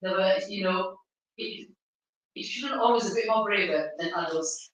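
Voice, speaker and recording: A woman hosting a live community event, speaking to an audience at a venue through a stand microphone, pausing often with fillers and restarts. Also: fairly low pitch, lively intonation, fairly bright tone. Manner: halting, with many fillers and restarts. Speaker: event organizer and host. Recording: very echoey hall, mic far off.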